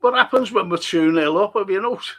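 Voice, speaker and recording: A man's voice: high-pitched, bright, forceful tone. An older man hosting a live podcast, reacting bluntly to a football match, swearing and urging the players on while reading out chat messages.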